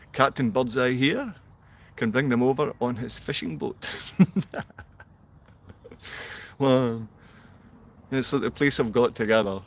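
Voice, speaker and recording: A man on a livestream reads his chat's comments out loud and fires back with a confrontational, insulting rant. His voice is medium-pitched and he sounds downcast.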